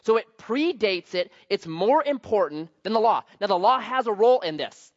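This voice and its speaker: A man's voice: high-pitched, lively intonation, moderate pace, dry recording, muffled recording. A male pastor preaching a sermon in a conversational, emphatic way, mixing teaching with personal stories. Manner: conversational, emphatic, varies loudness for stress. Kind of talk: sermon with anecdotes.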